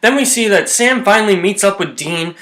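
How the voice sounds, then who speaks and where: A man's voice: sits high, lively intonation, a little fast, a bit bright. A man giving a casual, chatty recap and review of a TV episode with loose, informal language.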